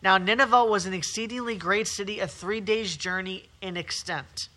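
A man with a high voice preaches with hammering repetition. His tone is piercingly bright and tense. He drives each point home in waves of emphasis. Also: moderate pace. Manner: emphatic, repetitive preaching with rising and falling intensity. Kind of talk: sermon.

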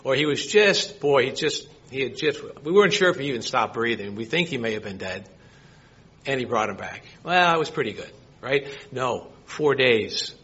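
A man's voice: medium pitch, expressive, moderate pace, sharp tone, husky, highs cut off. A man preaching a sermon, reading scripture and asking his listeners rhetorical questions. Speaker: pastor.

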